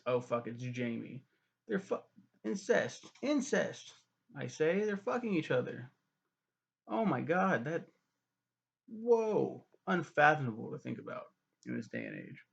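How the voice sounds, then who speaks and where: A man's voice: mid-range voice, creaky, a bit bright. A young man casually recapping a TV show, rambling and profane, with lots of fillers and corrections. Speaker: TV reviewer. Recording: dull lo-fi recording.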